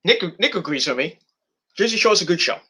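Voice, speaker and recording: A man's voice: sits high, animated, brisk, slightly rough. A man in his thirties hosting a podcast, chatting casually in a rambling, profane way with frequent restarts. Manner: rambling, profane, restarts often, shouts in bursts. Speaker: podcast host.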